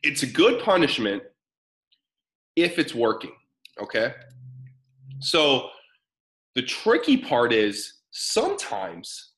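A man's voice: medium pitch, wildly swooping pitch, slow, long pauses, a bit bright, low-quality recording. A man in his thirties presenting a live parenting webinar, talking casually and energetically while answering chat comments.

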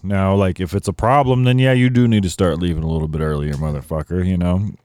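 A man with a low, smooth, resonant voice speaks in relaxed podcast chat. He agrees easily and drops "like" and "man" all through his talk. The mic is close and dry. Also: quick pace, no echo. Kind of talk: casual chat.

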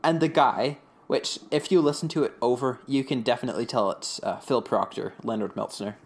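A man co-hosting a podcast, recapping an episode in casual chat, rambling with lots of fillers and slipping into quick voices for quotes. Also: medium pitch. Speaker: podcast co-host.

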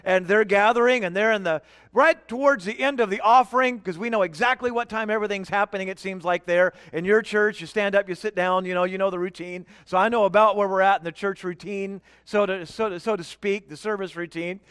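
A middle-aged man preaching a sermon as guest pastor, emphatic, slowing down to stress key words and questioning the congregation. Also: high-pitched, a bit bright, clear, resonant tone, dry recording, clean studio sound, long reverb tail. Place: church sanctuary.

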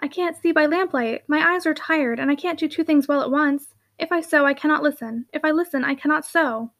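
Caroline is an earnest young woman who teases gently and speaks with feeling. A woman reads her in a fairly high, light voice. She sounds close to the narrator's own reading voice. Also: fairly quick. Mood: pleading.

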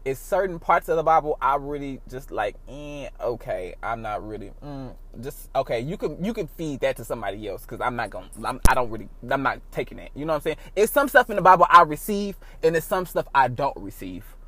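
A man hosting his own podcast, talking casually in a rambling, profane way with big swings in loudness. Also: mid-range voice, sing-song, fairly quick, few pauses. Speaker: podcast host. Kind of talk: casual solo podcast monologue.

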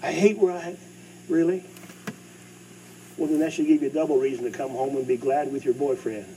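Preacher man, loud then hushed. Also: medium pitch, a little fast. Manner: lively preaching, swings between loud and hushed. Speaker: pastor. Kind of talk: sermon. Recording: distant mic with faint hum.

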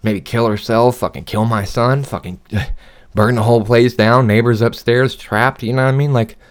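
A man in his thirties hosting a podcast from his apartment studio, telling a long profane story in a heated, animated rant, still getting over a cough. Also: medium pitch, normal speed, clean tone. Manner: animated ranting, swears a lot. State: recovering from a cough. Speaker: podcast host.

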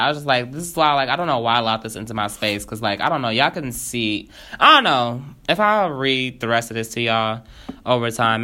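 Guy reading his old story on camera, swears a lot, talks to viewers, voice goes way up and down. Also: fairly low pitch. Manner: profane, expressive, chatty with the audience. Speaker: vlogger. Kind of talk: casual reading and commentary.

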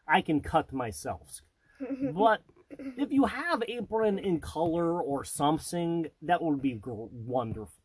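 A man voicing a comically polite Russian-stereotype man in a put-on Russian accent, speaking slow, broken English. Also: a little high, expressive, husky, voice pushed up, low-quality recording. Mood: overly polite.

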